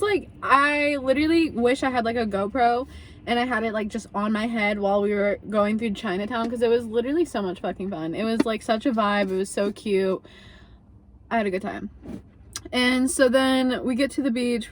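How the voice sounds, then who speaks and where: High-voiced young woman telling a storytime. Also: slight background noise. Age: young adult. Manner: chatty, profane, animated, heavy use of like. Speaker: vlogger. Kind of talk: casual storytime vlog.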